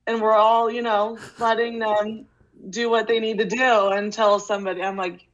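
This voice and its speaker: A woman's voice: fairly high pitch, little pitch movement, moderate pace, lo-fi sound. A woman teacher telling a story in casual chat on a video call, rambling loosely with many fillers.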